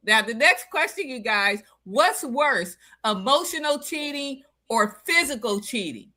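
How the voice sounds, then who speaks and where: Bright-voiced blunt woman talk-show host. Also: high-pitched, expressive, a little slow. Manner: blunt, emphatic, reads out viewer comments. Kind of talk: casual live-stream chat.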